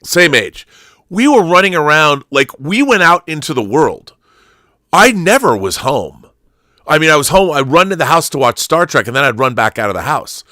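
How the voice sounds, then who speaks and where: Give me a middle-aged host in casual chat, crisp and bright, recorded dry. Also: male voice, a little high, sing-song, normal speed, no room sound. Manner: rambling, restarts, emotional storytelling. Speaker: channel host.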